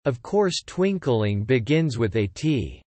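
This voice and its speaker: An impatient storybook king who snaps and bullies his witness, as a man puts him on. The voice has a mid pitch and sounds dry and close. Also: very animated, takes it slowly, no room sound. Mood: sharp. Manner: sharp, bullying. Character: angry impatient male king.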